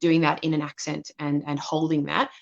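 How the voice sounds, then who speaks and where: Low-voiced woman on a dull recording. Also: level tone, moderate pace, vocal fry. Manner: thoughtful, restarts often. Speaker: assistant director and narrator. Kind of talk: live Q&A answer. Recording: dull lo-fi sound.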